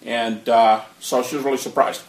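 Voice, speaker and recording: A man's voice: medium pitch, fairly even intonation, moderate pace. A man giving a conversational, anecdotal talk who acts out the people he quotes. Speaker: speaker on near-death experiences. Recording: roomy, distant mic, faint noise.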